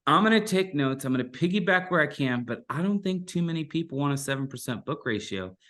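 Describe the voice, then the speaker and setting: A man's voice: on the high side, expressive, quick pace, fairly bright tone. Casual, rambling man hosting a podcast. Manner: rambling, self-deprecating, loose. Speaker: podcast host.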